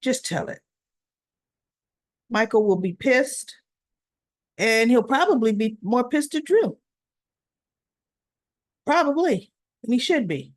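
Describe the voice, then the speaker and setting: A woman's voice: on the high side, expressive, slow, long pauses, no room sound. A woman hosting a casual recap, retelling scenes with acted-out quotes and chatty asides. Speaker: soap opera recap host.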